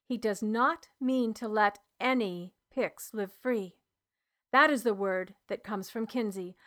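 A woman's voice: mid-range voice, slow, fairly bright tone. A woman voicing a weary male tribal healer who speaks in an earnest, grave manner in an audiobook reading. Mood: earnest, urgent.

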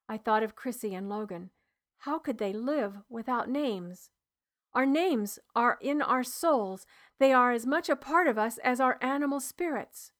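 A woman narrating a first-person historical novel in an even, measured storytelling voice. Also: a little high. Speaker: audiobook narrator.

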